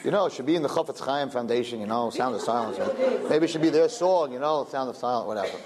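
A man's voice: medium pitch, fast, crowd noise. A middle-aged man giving a sermon as a rabbi, telling stories with jokes and acting out voices. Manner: animated, joking, acts out voices.

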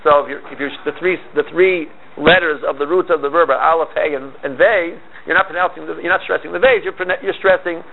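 A man teaching a class, talking in a halting way with many restarts. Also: a little high, vocal fry. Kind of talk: lecture on Hebrew grammar. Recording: tinny phone-like line, faint hiss.

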